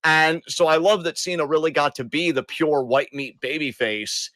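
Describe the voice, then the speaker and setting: A man's voice: on the high side, fairly even intonation, normal speed, sharp tone, no echo. A man co-hosting a weekly podcast in casual chat, rambling and correcting himself as he goes. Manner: rambling, self-correcting, chatty. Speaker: podcast co-host.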